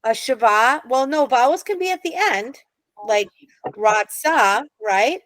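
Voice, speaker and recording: A woman's voice: sits high, lively intonation, a little slow, a bit bright, dry recording. A woman teaching an adult Hebrew reading class, patient and encouraging, explaining step by step.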